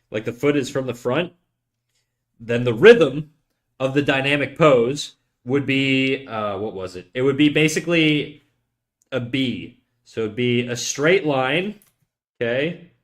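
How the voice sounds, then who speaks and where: A man talks to his viewers as he draws, in a loose and rambling way. He jokes around, restarts his sentences and wanders between drawing tips and asides. His voice sits at an ordinary middle pitch. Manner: rambling, self-interrupting, jokey. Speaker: streamer giving drawing tips. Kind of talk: casual livestream chat while drawing.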